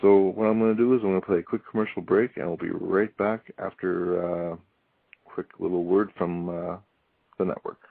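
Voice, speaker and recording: A deep-voiced man talks through a casual solo review, rambling with lots of ums and dry, wry asides. His voice comes through a tinny, phone-like line. The sound is flat and dead, with no room around it. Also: normal speed, gravelly, dry recording. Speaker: podcast host reviewing wrestling.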